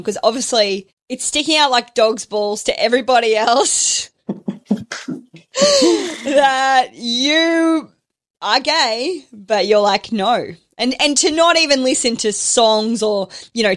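Slow, high-voiced woman host. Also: fairly bright tone. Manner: probing, reflective questions with laughs. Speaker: podcast host. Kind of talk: interview chat.

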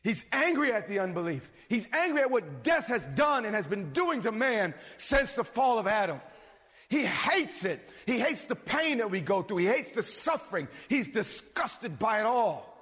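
A man preaching a sermon, animated, swinging between loud bursts and low asides. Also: moderate pace, slightly rough. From suburbs. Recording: long reverb of a hall.

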